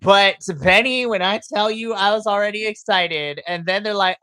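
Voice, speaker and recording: Excitable, laughing podcast co-host. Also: medium pitch, normal speed, clear, resonant tone, no room sound. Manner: excitable, laughs often, breaks into loud exclamations. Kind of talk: casual post-show chat.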